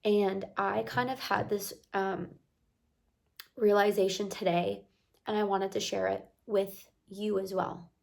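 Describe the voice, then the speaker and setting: Hoarse young woman vlogger, gravelly fry, chatty motivational talk to camera. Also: mid-range voice. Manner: chatty, warm-hearted encouragement with rambling asides. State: hoarse from crying.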